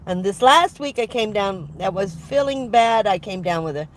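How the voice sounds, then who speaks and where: A woman's voice: mid-range voice, animated, normal speed, hardly any pauses, a little hiss or hum. An older woman chatting casually on a livestream from her van, congested with a head cold, rambling and laughing often as she greets viewers. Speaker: van life vlogger hosting a livestream.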